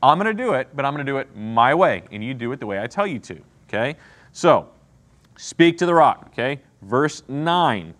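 A man teaches a Bible class with a lively, swooping voice. He keeps the class involved with questions and often checks in with "okay?" and "right?". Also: medium pitch, moderate pace. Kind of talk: interactive Bible lesson.

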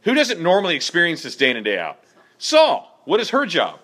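A man's voice: a little high, huge pitch swings, fast talker, bright, forceful tone. A man leading a group Bible study in a casual way, reading verses and asking the group questions.

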